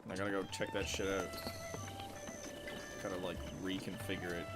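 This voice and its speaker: A man's voice: low voice, level tone, moderate pace. A man streaming a video game, chatting casually with a co-streamer, swearing a lot and laughing often. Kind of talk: casual gaming stream chat. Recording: game music behind the voice.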